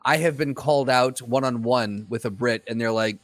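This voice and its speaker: A man co-hosting a podcast, animated and joking in casual chat. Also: mid-range voice, moderate pace, no room sound. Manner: animated, joking, laughs often. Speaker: podcast co-host.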